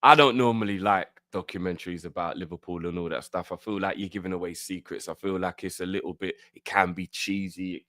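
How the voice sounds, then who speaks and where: A man hosting a live fan reaction stream, excitable and full of slang. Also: deep voice, fairly quick, hardly any pauses, no echo, studio quality. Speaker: fan channel host.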